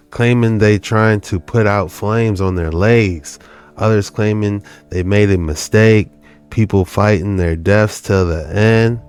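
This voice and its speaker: A man speaking earnestly and somberly, reflecting with some halting restarts. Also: lowish voice, a little mellow. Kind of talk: casual spoken reflection.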